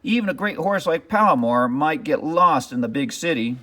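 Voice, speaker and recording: A man's voice: a little high, animated, moderate pace, fairly bright tone, no echo. A man voicing a carefree male dog in a storybook read-aloud, cheerfully talking to himself. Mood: content.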